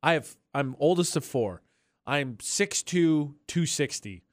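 Man radio host, lively storyteller. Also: on the high side, slow pace, no room sound, studio quality. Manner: storytelling, laughs often, animated. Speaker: radio morning show host. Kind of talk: casual radio banter. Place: radio studio. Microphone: studio microphone.

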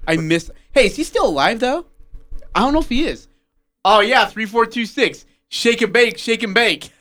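Bright-voiced man on sports radio. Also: very high-pitched, lively intonation, moderate pace. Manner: rambling storytelling, laughing at own jokes. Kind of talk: casual sports talk banter. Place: radio studio.

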